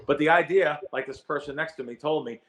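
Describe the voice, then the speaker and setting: Animated middle-aged man telling a story. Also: a little high, a little fast. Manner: animated storyteller, repeats words when excited. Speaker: guest, sports bettor. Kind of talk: storytelling in a podcast interview.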